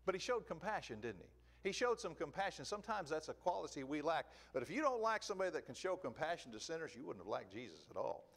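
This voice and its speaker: A man preaching a sermon in an emphatic, animated way, asking rhetorical questions. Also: mid-range voice.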